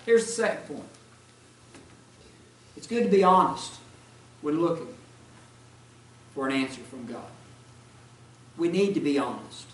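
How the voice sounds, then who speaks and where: A man's voice: high-pitched, very animated, unhurried, long pauses, a little hiss or hum. A man preaching a sermon, reading scripture aloud and asking the listeners conversational questions. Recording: echoey room, mic at a distance.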